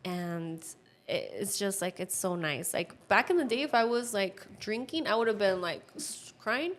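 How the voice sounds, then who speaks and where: A woman in her thirties giving a personal testimony as a podcast guest, earnest and heartfelt, with lots of "like" fillers and a hushed voice at tender moments. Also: mid-range voice, expressive, normal speed. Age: 30s. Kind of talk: personal testimony in casual conversation.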